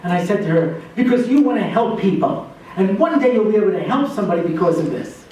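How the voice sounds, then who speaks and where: A man with a fairly high voice tells a story to students, acting out each character's lines with sudden jumps in pitch. He sounds set back from the mic in a very echoey hall. A faint noise sits under the sound, and laughter rises from the listeners. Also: expressive, quick pace, warm tone, recorded from a distance. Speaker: rabbi and lecturer. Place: lecture hall with laughing audience. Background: audience laughter.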